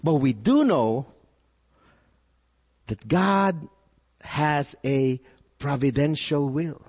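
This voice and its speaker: A man's voice: fairly high pitch, lively intonation, very slow, darkish tone. A male pastor preaching a sermon, putting questions to his listeners and repeating words as he builds his point. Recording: echoey hall with long reverb.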